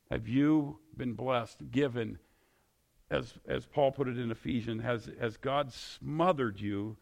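A man preaches to his congregation. He leans on emphatic, repeated questions. His voice sits at a middle pitch with a gravelly, crackling edge. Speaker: pastor. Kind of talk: sermon.

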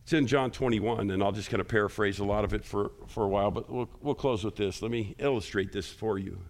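This is a pastor giving a sermon at a brisk clip, posing questions to the people in the pews and pushing his voice up high and loud for emphasis.

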